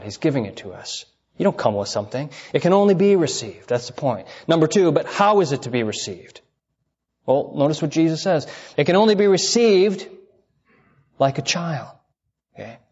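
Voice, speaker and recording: A man's voice: mid-range voice, highs cut off. A man preaching a sermon, stressing his points with repetition and asking his listeners questions. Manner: emphatic, repeats key phrases, asks the listeners questions.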